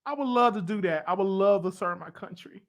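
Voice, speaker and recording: A man with a Southern US accent hosting a show, rambling excitedly in a casual monologue that swings into loud emotional outbursts. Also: high voice, fairly quick. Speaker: show host.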